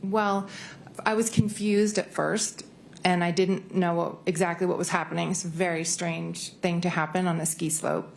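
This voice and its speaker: A woman's voice: lowish voice, level tone, normal speed, creaky, a little hiss or hum. A woman giving courtroom testimony with brief, hesitant answers. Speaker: trial witness.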